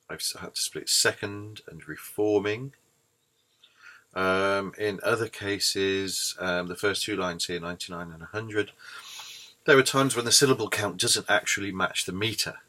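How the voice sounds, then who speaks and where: Deep-voiced man lecturing, full of ums. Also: pushed and bright. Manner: hesitant, many ums and restarts; thoughtful, explanatory. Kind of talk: screencast lecture on poetry.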